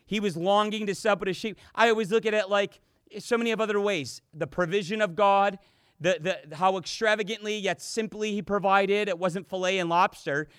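A pastor giving an impassioned sermon, his delivery swinging between loud, emphatic declarations and hushed, intimate lines. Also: high-pitched, fairly even intonation, a little fast, clear, resonant tone, no echo, clean studio sound.

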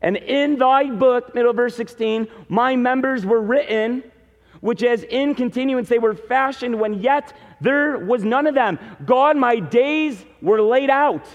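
A man preaching emphatically, walking through scripture verse by verse. His voice sits high, and it rings out with a long hall reverb on a dull, lo-fi recording. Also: unhurried. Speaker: pastor. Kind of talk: sermon.

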